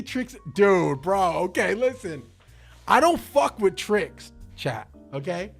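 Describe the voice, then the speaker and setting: This is a young man streaming live and chatting loosely with his viewers. His voice sits a bit higher than most men's, and he talks with loud, slangy excitement, swearing and joking freely. Faint music plays quietly behind him. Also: a little slow, creaky. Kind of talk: casual livestream chat.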